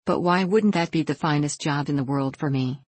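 Woman reading eager pleading young farm boy, storybook, low voice. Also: moderate pace, no room sound.

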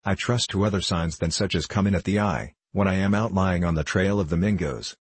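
A man's voice: low voice, fairly quick, husky, no echo. A man reading as a stubborn old frontier scout. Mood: wary. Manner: plain-spoken, old-fashioned backwoods talk. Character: gruff veteran frontier scout, blunt and stubborn.

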